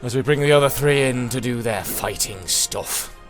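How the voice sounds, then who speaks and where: A man's voice: mid-range voice, moderate pace, soft background music. A man giving chatty, self-deprecating commentary while streaming a game and answering chat. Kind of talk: casual gameplay commentary.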